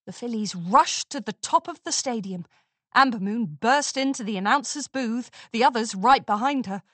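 A woman narrating a children's storybook in an expressive, unhurried reading. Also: on the high side, no room sound.

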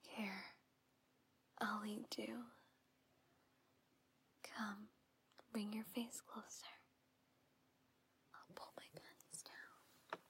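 A woman in whispered role-play, voicing a teasing, possessive older aunt who coaxes in a slow, breathy whisper. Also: medium pitch, flat delivery, fairly bright tone, exaggerated voice. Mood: coaxing, teasing.

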